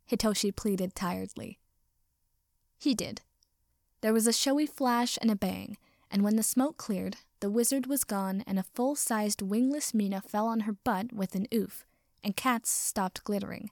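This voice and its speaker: A woman reading a story aloud with expressive narration. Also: mid-range voice, measured pace, gravelly, no room sound, clean studio sound. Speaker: audiobook reader. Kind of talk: reading fan fiction aloud.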